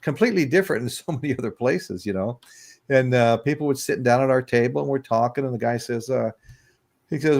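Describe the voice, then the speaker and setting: The sixty-something American host of a livestream podcast talks fast in a gravelly, darkish, mid-range voice. In this relaxed chat he rambles through anecdotes, chuckles along, and welcomes chat viewers.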